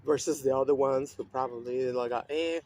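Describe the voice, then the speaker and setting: A man speaking in a loose, rambling monologue with a steady stream of fillers and swearing. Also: medium pitch, brisk, slight background noise. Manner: rambling, profane, with frequent fillers and laughs. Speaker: vlogger. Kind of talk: casual monologue.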